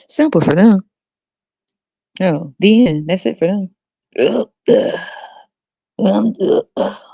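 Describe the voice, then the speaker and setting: A woman's voice: low voice, mellow, no echo. A woman hosting a podcast, ranting in a blunt, crude, mocking way and laughing often. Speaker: podcast host. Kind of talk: ranting casual monologue. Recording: dull lo-fi dry recording.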